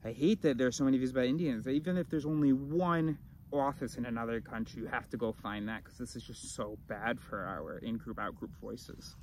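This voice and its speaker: A man's voice: mid-range voice, brisk, slight background noise. Rambling man musing to camera. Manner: rambling, philosophical, many restarts, swings between loud and mumbled. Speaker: vlogger. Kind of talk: casual rambling monologue to camera.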